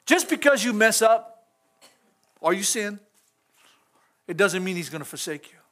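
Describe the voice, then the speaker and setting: A man's voice: sits high, expressive, measured pace, a bit bright. A middle-aged man, a pastor, preaching an informal sermon in church, folksy and chuckling as he talks straight to the congregation.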